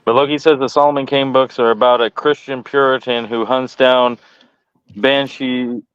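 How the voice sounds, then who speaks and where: A man's voice: mid-range voice, fairly even intonation, normal speed, fairly bright tone, clear, resonant tone, dry recording, muffled recording. A man on a casual livestream passing along chat messages in an easygoing way. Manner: relays messages plainly, easygoing. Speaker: stream co-host reading chat.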